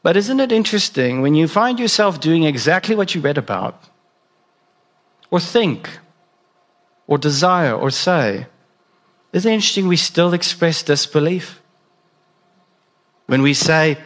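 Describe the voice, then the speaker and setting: Man, pastor, conversational sermon, somewhat high voice. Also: measured pace, long pauses, fairly bright tone. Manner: conversational, asks the listeners direct questions.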